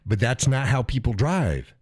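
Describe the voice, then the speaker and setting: A man's voice: mid-range voice, measured pace, breathy edge, dry recording, studio quality. A man hosting his own live stream, talking casually and with a lot of swearing as he acts out frustrated drivers. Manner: profane, animated, acts out quoted drivers. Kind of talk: casual political rant.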